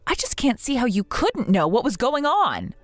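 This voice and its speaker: Casting: a woman doing a hurt, grieving young wife for a story drama, earnest and pleading, expressive pitch. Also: normal speed, dry recording, soft background music.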